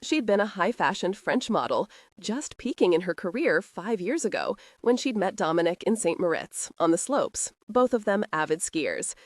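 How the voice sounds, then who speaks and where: Woman reading an audiobook, super expressive pitch, dry close sound. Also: normal speed, hardly any pauses, no room sound. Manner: expressive storytelling. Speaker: audiobook narrator. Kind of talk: scripted audiobook narration.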